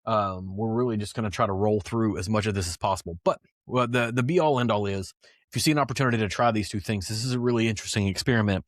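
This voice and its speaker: A man's voice: on the low side, fast talker, dry recording, studio quality. A man hosting a casual whiskey podcast, talking loosely with plenty of fillers and asides. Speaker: podcast host.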